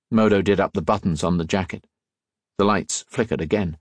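A man narrating an audiobook in a measured, steady storytelling voice, close on the mic. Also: sits low, dry recording. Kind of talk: scripted narration.

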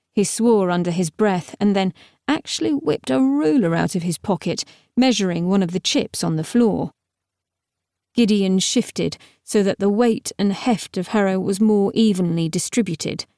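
A woman reads scripted audiobook narration in a mid-range voice, measured yet expressive. The recording is dry, with clean studio sound.

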